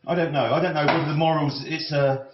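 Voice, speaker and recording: A man's voice: on the high side, steady tone. Rambling man musing in a roomy kitchen. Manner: musing, halting, with frequent restarts. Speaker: cooking vlogger. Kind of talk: rambling talk while cooking. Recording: roomy, slightly dull audio with faint noise.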